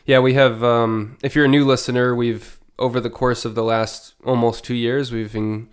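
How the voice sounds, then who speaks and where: A man co-hosting a casual podcast, sounding nasal from allergies, talking in a relaxed way with many fillers. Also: mid-range voice, normal speed, clear, resonant tone. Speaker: podcast co-host. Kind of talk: casual chat.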